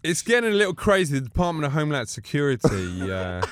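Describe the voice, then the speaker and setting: A man's voice: fairly high pitch, fast, noisy background. A middle-aged man from England, a comedian guest in a casual interview, telling anecdotes and acting out other people's voices. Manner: animated, acts out voices in his anecdotes.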